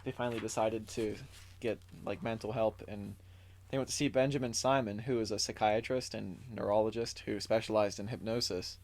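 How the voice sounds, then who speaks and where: A man's voice: lowish voice, fairly even intonation, fairly quick, darkish tone. Laid-back man rambling through notes. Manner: loose, filler-heavy telling with lots of "like"; recaps from notes and reads quotes aloud. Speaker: podcast co-host. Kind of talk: casual storytelling chat.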